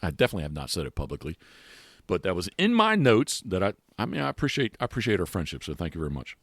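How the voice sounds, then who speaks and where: Deep-voiced man, rambling podcast host. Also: huge pitch swings, racing, no echo, studio quality. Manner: rambling, many restarts and fillers. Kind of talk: casual chat. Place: outdoors.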